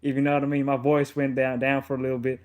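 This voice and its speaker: A man putting on an attempted Texas accent in a playful, drawn-out way while leaning on a couch in a lounge. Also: medium pitch, monotone, a little mellow, lightly acted. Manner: playful, drawn-out, laughing asides. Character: young man putting on a loud Texas drawl.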